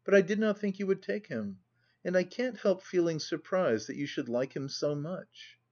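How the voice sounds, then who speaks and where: A man reading an audiobook, voicing a timid, gentle young woman with a raised, pleading voice. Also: sits high, expressive, moderate pace, lo-fi sound, pitched above the performer's own voice. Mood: earnest.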